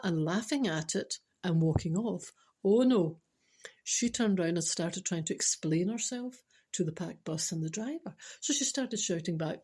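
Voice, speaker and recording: Scottish woman, middle-aged, spinning a funny story, animated and exclaimy, acts out the quotes, normal mid pitch. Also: brisk, husky. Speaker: spiritual speaker and storyteller. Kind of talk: humorous anecdote told to a listener.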